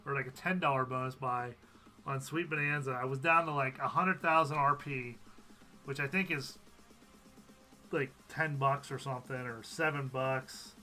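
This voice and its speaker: A man's voice: mid-range voice, steady tone, moderate pace, pushed and bright, faint music behind. A man hosting a live stream, chatting casually, reading out viewer comments and laughing often. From USA.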